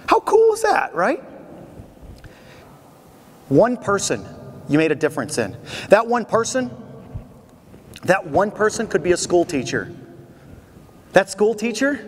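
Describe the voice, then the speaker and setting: A middle-aged man giving a motivational keynote speech, telling stories with animated energy and drawing call-and-response from the audience. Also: high voice. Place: large convention hall. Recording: echoey convention hall, faint noise.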